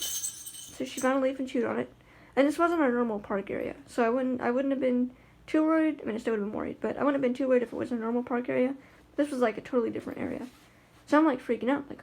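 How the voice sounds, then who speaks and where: A woman's voice: on the high side, brisk, vocal fry, darkish tone. A woman talking in a casual vlog about life with her guide dog, chatty and rambling with lots of fillers and restarts.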